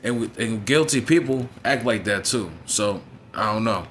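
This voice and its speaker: A man's voice: on the low side, moderate pace, fairly bright tone, slight background noise. A man reviewing a wrestling show in a casual, profane, frustrated rant, often asking "you know what I'm saying?".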